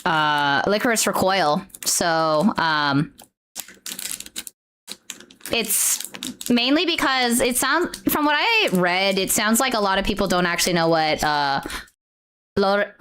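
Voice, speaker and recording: A woman's voice: mid-range voice, takes it slowly, long pauses, slight background noise. A woman streamer chatting casually on a livestream while unboxing merch. She gushes and exclaims often. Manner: gushing, excitable, exclaims often.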